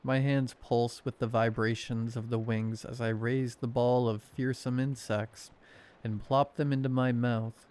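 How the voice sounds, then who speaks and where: Male horror narrator, sardonic, mid-pitched, smooth resonant voice. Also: flat delivery, unhurried, darkish tone. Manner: wry, sardonic storytelling. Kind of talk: horror story narration for sleep.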